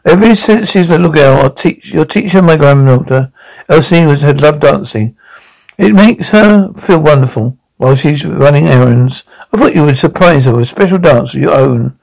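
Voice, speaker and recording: A man's voice: fairly high pitch, expressive, normal speed, vocal fry, darkish tone. A man voicing a kindly older vampire grandfather who cheerfully leads children through a dance in a cartoon. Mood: warm.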